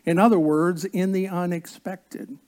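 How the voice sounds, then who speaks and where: A man preaching a sermon as pastor, slow and earnest, drawing out key words and coaxing the congregation to join in. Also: high-pitched, steady tone, a little mellow.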